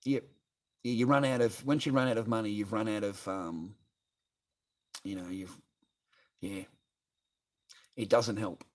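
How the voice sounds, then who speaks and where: A man's voice: fairly low pitch, steady tone, a little slow, pauses often. An Australian man livestreaming, ranting bluntly and profanely as he reads viewer comments aloud and answers them. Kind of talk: ranting live stream chat.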